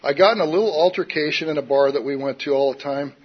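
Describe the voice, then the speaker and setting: On the high side and husky, a man speaks quickly as a recovery speaker, telling his personal story in a wry, self-mocking, rambling way and often saying "you know." The recording is dull and lo-fi.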